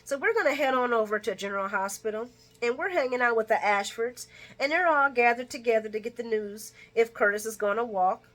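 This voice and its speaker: Chatty woman host, bright voice, casual recap with frequent laughs and quoted lines. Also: a little fast. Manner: chatty, laughs often, acts out characters' lines in a higher voice. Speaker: soap opera recap vlogger.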